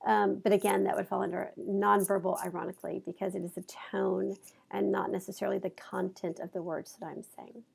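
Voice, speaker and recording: A woman's voice: mid-range voice, level tone, a little fast, creaky, breathy edge. A woman college instructor giving a recorded lecture from her office, a little congested from allergies, talking conversationally through examples with fillers. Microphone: clip-on mic.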